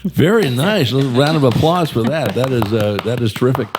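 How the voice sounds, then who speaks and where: A man's voice: mid-range voice, a little fast, background noise. A man hosting a casual community interview show, rambling and jovial with many fillers. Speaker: radio show host.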